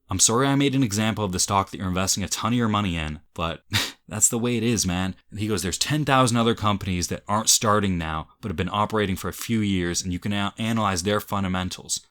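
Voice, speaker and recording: A man's voice: lowish voice, fairly bright tone. A young man from Canada, an investing YouTuber, reacting to angry comments in a heated, swearing rant with frequent laughs.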